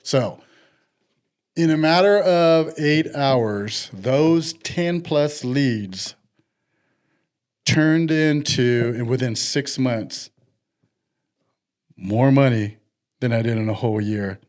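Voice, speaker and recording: A middle-aged man telling a story in casual podcast chat, animated and acting out the people he quotes. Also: mid-range voice, slow pace, pauses often.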